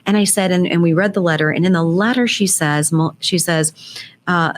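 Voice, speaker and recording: Interview guest: woman, lowish voice, earnest heartfelt storyteller. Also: moderate pace, a little hiss or hum. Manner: earnest, emotional storytelling with faith references. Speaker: guest, business founder and CEO. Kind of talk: conversational storytelling in a podcast interview.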